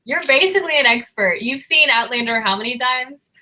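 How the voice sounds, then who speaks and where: Bright-voiced animated young woman co-host. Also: high voice, fairly quick. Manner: lively, chatty, acts out characters' lines. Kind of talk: casual live book discussion.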